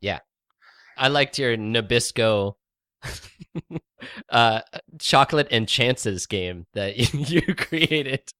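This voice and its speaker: A man's voice: medium pitch, very slow, long pauses, fairly bright tone, no echo, clean studio sound. An American man hosting a podcast in casual chat, joking and laughing often. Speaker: podcast host.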